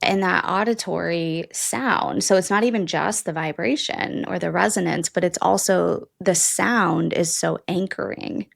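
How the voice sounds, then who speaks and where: A woman's voice: on the low side, a little slow, creaky, hardly any pauses. A woman co-hosting a wellness podcast as a therapist, talking in a reflective, affirming way and using everyday images to explain ideas. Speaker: therapist and guest co-host. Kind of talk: casual podcast chat.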